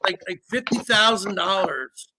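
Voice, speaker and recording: A man's voice: sits high, expressive, a little slow, a crowd in the background. A man hosting a casual live stream who talks bluntly, repeats himself and swears freely. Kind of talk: casual chat.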